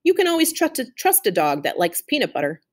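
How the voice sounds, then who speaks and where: A woman's voice: on the high side, wildly swooping pitch, fast talker. Brief: kind old toothless woman, folksy, voiced by a woman reader. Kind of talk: storybook read-aloud.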